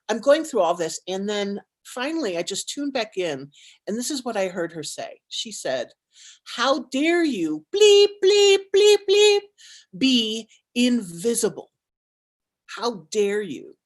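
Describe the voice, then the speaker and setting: A woman who co-founded and leads a nonprofit as CEO shares a personal story on a panel. Her fairly high voice is lively and dramatic, packed with "likes" and restarts.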